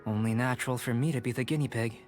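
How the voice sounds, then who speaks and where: A man voicing a calm young male alchemist in a game, measured and lecturing. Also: medium pitch, natural voice. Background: faint game music.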